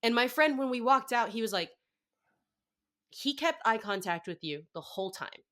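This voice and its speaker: A young woman guest on a podcast, telling a story in casual chat. She gushes excitedly and fills her talk with "like". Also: fairly high pitch, normal speed. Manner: excited, gushing storytelling full of "like".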